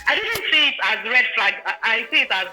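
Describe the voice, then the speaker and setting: Animated young woman, Nigerian accent. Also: a little high, a little fast, rough recording. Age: 20s. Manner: animated, often checks in with "do you understand?". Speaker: guest sharing a personal story. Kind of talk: casual storytelling chat.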